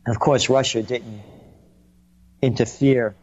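A man's voice: medium pitch, steady tone, unhurried, a little mellow, slightly rough, dull audio. A man delivering a sarcastic, indignant political monologue, mocking and scornful as he rants. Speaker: commentator.

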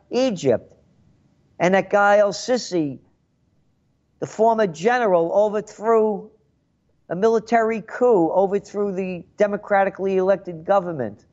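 A man's voice: sits high, measured pace, a little mellow, muffled recording. Rambling older New man, sarcastic. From the Bronx, New York. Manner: rambling, sarcastic, repeats words. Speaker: radio talk show host. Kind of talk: call-in radio monologue.

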